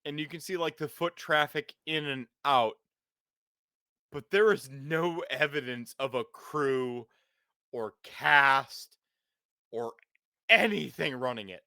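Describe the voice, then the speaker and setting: A man's voice: a little high, slow pace, long pauses, bright, forceful tone, no room sound, studio quality. A man narrating as game master in a tabletop role-playing game, loose and full of "like"s. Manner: loose, filler-heavy narration with "like".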